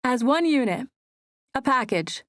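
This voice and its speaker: A woman voicing a bubbly young woman who gushes in a high, animated way in an audiobook. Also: a little slow, dry recording, studio quality. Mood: gushing. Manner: gushing, animated. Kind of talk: audiobook dialogue.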